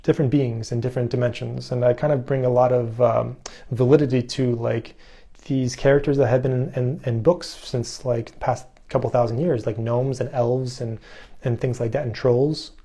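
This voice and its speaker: A man telling a rambling, excitable story in casual speech, full of fillers and restarts. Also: mid-range voice, normal speed, slightly rough. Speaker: fasting vlogger.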